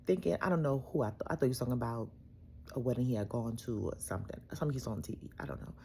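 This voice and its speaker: A woman caregiver telling a family story to her phone camera in a chatty, animated way, dropping into soft asides. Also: a bass voice, rapid-fire, vocal fry, a little hiss or hum.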